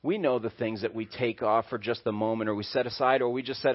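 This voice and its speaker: A man's voice: mid-range voice, steady tone, fast talker. A male pastor preaching a sermon in a conversational way and acting out little voices, in a dull lo-fi recording.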